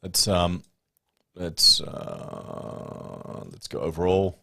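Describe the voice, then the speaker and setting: Aussie guy rambling on a stream, lowish voice, super dry mic. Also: animated, normal speed, dry recording. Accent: Australian. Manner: chatty, rambling, talks to viewers. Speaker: livestream host. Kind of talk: casual livestream commentary. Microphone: podcast studio mic. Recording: dry close-miked sound.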